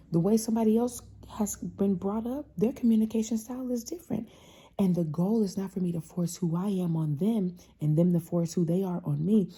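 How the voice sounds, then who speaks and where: A woman hosts a casual motivational talk, animated and passionate, at times acting out the voices of her family members. Her medium-pitched voice is creaky and slightly rough.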